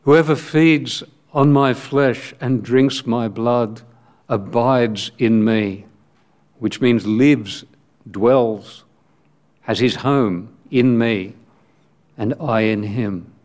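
A man preaching a sermon in measured, emphatic short phrases with long pauses, reading scripture aloud as he goes. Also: medium pitch, a little mellow.

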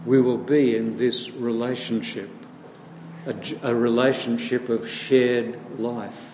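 A man preaching a sermon slowly and deliberately, posing questions to his listeners and answering them himself. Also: medium pitch, steady tone, a little mellow. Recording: echoey hall with long reverb, faint noise.

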